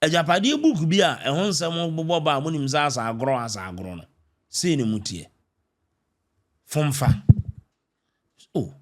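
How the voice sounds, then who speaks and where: A man's voice: a little high, lively intonation, moderate pace, pauses often. A man hosting a reaction show and introducing the topic. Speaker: host. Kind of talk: show opening narration.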